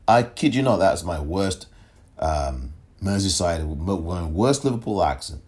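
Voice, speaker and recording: Animated man giving political commentary. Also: low-pitched, a little slow. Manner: animated, emphatic, self-interrupting. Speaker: podcast host.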